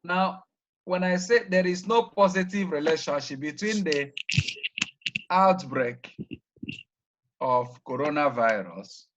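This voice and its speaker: A male teacher leads a classroom lesson in a slightly raised voice. He spells out terms carefully and keeps pausing on "what?" for the class to finish his sentences. The recording is a bit muffled and lo-fi. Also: fairly high pitch, lively intonation, a bit bright, a little hiss or hum. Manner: prompts students by leaving sentences open with "what?"; repeats key terms slowly and deliberately. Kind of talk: classroom lecture.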